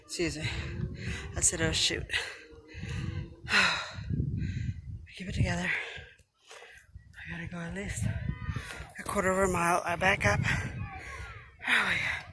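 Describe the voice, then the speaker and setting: A woman out of breath on a hillside trail, panting and muttering to herself as she climbs. She talks slowly, in short bursts between steps. The handheld phone recording carries a lot of outdoor noise. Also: lowish voice, steady tone, bright, forceful tone. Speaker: vlogger. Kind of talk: casual self-talk while hiking.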